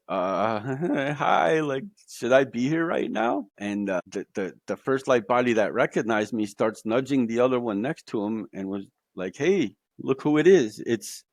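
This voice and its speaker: A man's voice: on the low side, no echo. A man guest on a podcast, telling a personal story in an earnest, emphatic way, often saying "literally" and "like".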